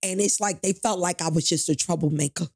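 A woman's voice: lowish voice, a little fast, darkish tone, slightly rough, no room sound, clean studio sound. A middle-aged woman from New York, telling a painful personal story in an interview, candid and profane, acting out the people in it. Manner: candid, profane, acts out voices in her story. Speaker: guest telling her life story.

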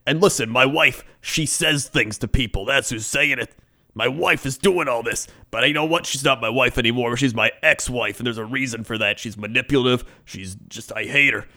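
A man's voice: mid-range voice, moderate pace, sharp tone. A man voicing a defensive, self-pitying middle-aged male rideshare driver who rambles about his family. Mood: aggrieved.

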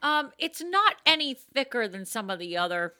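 A woman co-hosting a casual chat, joking and animated, swinging into exaggerated voices. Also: moderate pace, no room sound, studio quality. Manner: animated, jokey, swings into high mock voices. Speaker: podcast co-host.

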